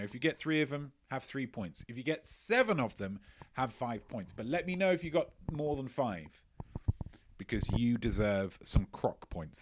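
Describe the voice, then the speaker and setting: A man's voice: mid-range voice, no room sound. A man hosting a live-streamed quiz, joking playfully and mocking himself as he rambles, often stumbling and repeating his phrases. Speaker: quiz host.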